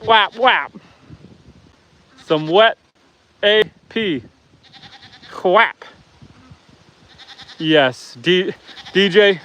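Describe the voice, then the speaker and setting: A man's voice: high voice, drawn-out words, long pauses, pushed and bright. A man hosting a live stream from his farm, chatting with viewers and talking to his pigs, goats and chickens. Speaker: homestead livestream host. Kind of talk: casual live-stream chat. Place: outdoors on a farm among animals.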